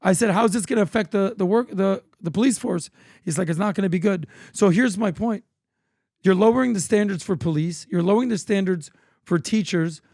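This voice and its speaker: High-voiced excitable male podcast storyteller. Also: a little fast, vocal fry, no echo, clean studio sound. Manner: energetic, acts out quoted people. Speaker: podcast co-host. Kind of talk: animated storytelling chat.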